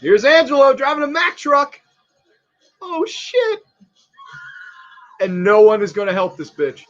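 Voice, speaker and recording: Guy doing a crude excitable movie commentary, kinda high voice, muffled mic. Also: fairly quick, raised voice. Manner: excitable, crude, laughs often. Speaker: fan commentary host. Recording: slightly dull lo-fi audio.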